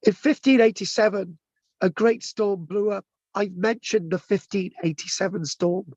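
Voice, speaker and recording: A man's voice: high-pitched, normal speed, a little mellow, no room sound, dull audio. A man with a strained, tired voice, giving a rambling informal history talk and stumbling over place names. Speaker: local history presenter.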